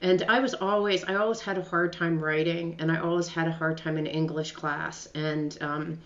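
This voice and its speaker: A woman's voice: low voice, fairly even intonation, normal speed, a bit bright. A woman hosting a radio show, interviewing a guest in an effusive, emotional way and laughing while she talks. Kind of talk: interview, casual chat. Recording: roomy, slightly dull sound.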